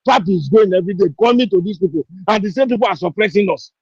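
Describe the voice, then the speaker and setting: A man with a Nigerian English accent speaks with fire and urgency, hammering the same rhetorical questions again and again. His voice sits high and sounds husky. It comes through dull, lo-fi online call audio. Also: lively intonation, fast talker, a little mellow, no echo. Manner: repetitive rhetorical questions, fiery. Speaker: participant in an online discussion. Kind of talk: impassioned call-in speech.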